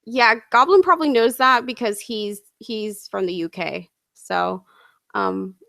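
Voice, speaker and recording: A woman's voice: mid-range voice, measured pace, gravelly, a bit bright, dry recording, studio quality. An American woman hosting a casual interview, friendly and curious, asking questions and laughing easily. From United States. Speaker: host and interviewer.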